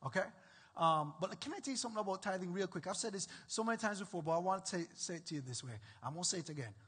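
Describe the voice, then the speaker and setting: A man preaches in a church with a high, bright voice that carries a husky edge. His delivery is animated and emphatic and swells into loud bursts. A long reverb from the hall trails each phrase. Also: racing. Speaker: pastor. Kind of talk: sermon.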